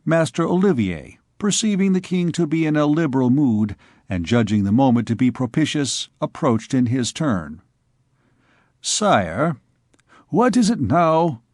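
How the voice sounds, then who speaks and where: A man narrating a classic novel as an audiobook, in a measured storytelling manner. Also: medium pitch, expressive, a little mellow, no echo, clean studio sound. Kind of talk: scripted narration.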